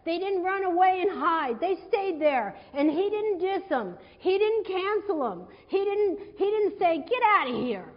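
A woman preaching a sermon in a conversational, animated way, retelling a scripture story and acting out its quotes. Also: very high voice, unhurried, few pauses. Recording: dull sound in a hall with long reverb.

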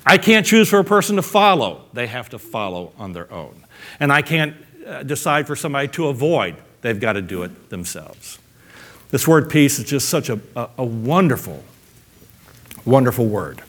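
A man's voice: medium pitch, very animated, normal speed, fairly bright tone. A man preaching a sermon in a playful, emphatic way, cracking jokes and acting out little quotes as he goes.

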